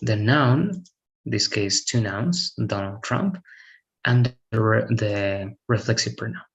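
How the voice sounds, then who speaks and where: A man's voice: lowish voice, slow, highs cut off. A man teaching an English grammar lesson one-on-one online. He explains patiently, repeats himself, and keeps checking understanding with "all right?".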